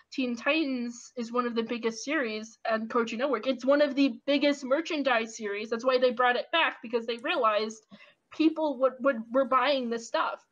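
A woman in her twenties giving casual, animated opinion commentary with lots of ums and restarts. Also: high-pitched. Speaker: YouTube commentator. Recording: lo-fi dull audio.

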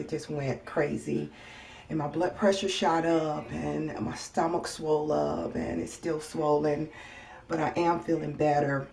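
A weary woman in pain giving a casual personal health update as a vlogger at home, soft-spoken and halting, with many ums and sighs. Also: low-pitched, vocal fry. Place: home, indoors.

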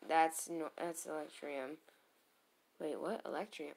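A woman casually commentating her own game battles, muttering to herself and bursting into loud cheers. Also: low voice, fairly even intonation, slow, background noise.

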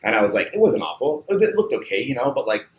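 A man who owns a barbershop, chatting casually as a guest, animated and swearing freely with lots of "like" fillers. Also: mid-range voice, fast. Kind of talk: casual chat. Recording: roomy echo, faint background hum.

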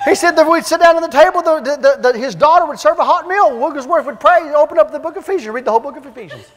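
A man evangelist preaching and telling stories in an animated, repetitive, emphatic way in a church. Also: extremely high pitch, rapid-fire, faint music behind. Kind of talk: preaching with storytelling. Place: church sanctuary. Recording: long church-hall reverb.

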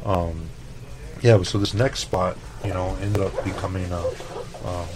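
A man's voice: sits low, steady tone, measured pace, background noise. A man from El Paso, a chef guest telling laid-back, profane stories in a casual interview. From El Paso, Texas.

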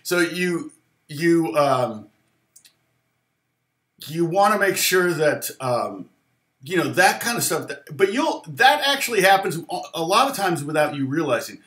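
A man's voice: a little high, sing-song, unhurried, a bit bright, reverberant. A middle-aged man hosting a casual livestream guitar lesson, rambling with fillers and laughs.

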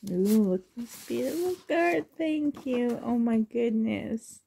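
A woman's voice: on the high side, expressive, slow, vocal fry, mellow, slight background noise. A woman doll collector in a casual unboxing vlog, gushing and emotional, often laughing and sighing, talking on the floor at home.

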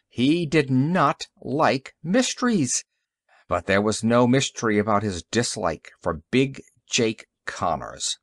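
A man narrating an audiobook story in an expressive, varied reading. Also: medium pitch, no echo, clean studio sound. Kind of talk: scripted narration.

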